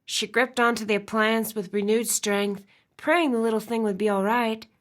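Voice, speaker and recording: A woman narrating a romance audiobook in an expressive storytelling style. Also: fairly high pitch, normal speed. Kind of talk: scripted narration.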